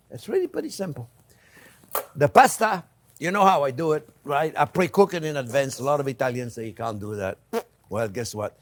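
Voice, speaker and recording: A man hosting a cooking demonstration in a kitchen, chatty and animated, talking to viewers as friends. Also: on the high side. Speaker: chef and host.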